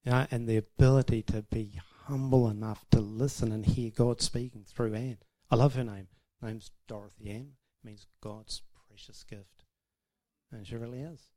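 A man's voice: mid-range voice, steady tone, normal speed, dark tone. Man, chatty church talk, self-deprecating, often laughing. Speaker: speaker sharing about marriage. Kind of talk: informal testimony to a church audience.

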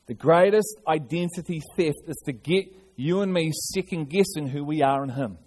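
Male pastor, fairly high voice, earnest sermon with restarts and repetition. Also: moderate pace, hardly any pauses, darkish tone.

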